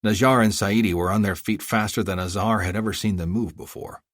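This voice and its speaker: Low-voiced man narrating an audiobook. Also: fairly even intonation, a little fast, no echo, clean studio sound. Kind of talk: scripted narration.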